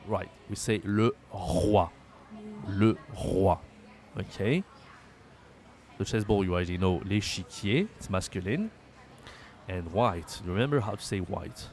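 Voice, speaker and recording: This man, a native French speaker whose accent comes through, teaches a language class and thinks out loud, pausing to hum, fixing his own slips, and going over phrases slowly for students. He has a deep, animated voice that's a little mellow.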